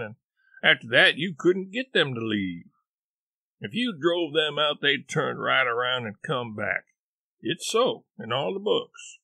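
A man's voice: medium pitch, gravelly, bright, forceful tone, no room sound, full character voice. A man reading an audiobook, voicing an eager, boastful young boy. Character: bold imaginative boy, Tom.

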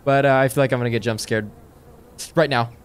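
A man playing a horror game and talking to his viewers. He reads the game text in a hushed voice, then breaks into sudden panicked yelps and nervous jokes. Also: mid-range voice, fairly even intonation, fairly quick, clean tone. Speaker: gaming streamer.

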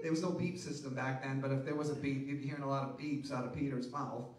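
A man preaching a sermon as pastor, asking the congregation rhetorical questions and building to loud, emphatic peaks. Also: mid-range voice, fairly even intonation, fast, reverberant, recorded from a distance, rough recording.

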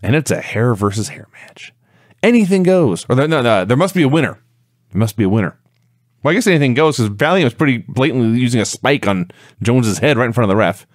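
A man's voice: medium pitch, fast, dry recording, studio quality. A man co-hosting a wrestling podcast, recapping a match step by step in casual talk. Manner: steady storytelling recap. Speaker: podcast co-host.

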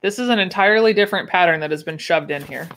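A woman's voice: lowish voice, fast, fairly bright tone, a little hiss or hum. A young woman chatting casually on a livestream, with wry asides and easy laughs. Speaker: livestream host unboxing sewing patterns. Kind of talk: casual chat.

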